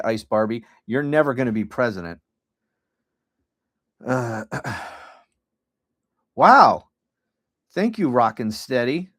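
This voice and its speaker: A man's voice: medium pitch, no room sound, studio quality. A middle-aged man hosting a political podcast livestream, ranting bluntly and profanely with frequent restarts.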